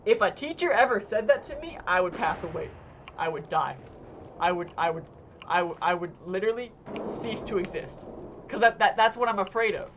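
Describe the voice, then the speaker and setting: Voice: medium pitch, animated, normal speed, background noise. Rambling, foul-mouthed young streamer. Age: young adult. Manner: rambling, profane storytelling full of fillers. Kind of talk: casual chat while gaming.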